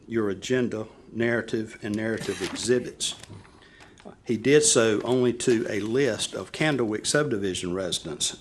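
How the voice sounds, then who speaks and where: A man with a scratchy voice giving a public comment to a county board at a podium microphone. He reads measured, prepared remarks and clears his throat now and then. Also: on the low side. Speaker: resident addressing county board. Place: county meeting chamber.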